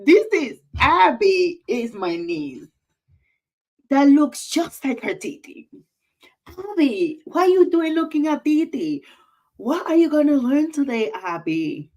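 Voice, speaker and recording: Woman, livestream host, casual chat, unhurried, very animated pitch, effusive. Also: low-quality recording. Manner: effusive, emotional, repeats greetings.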